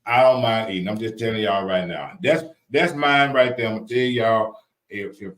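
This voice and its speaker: A man's voice: lowish voice, normal speed, fairly bright tone, echoey room. A man with a Louisiana country accent in casual chat, playful and emphatic, repeating his points.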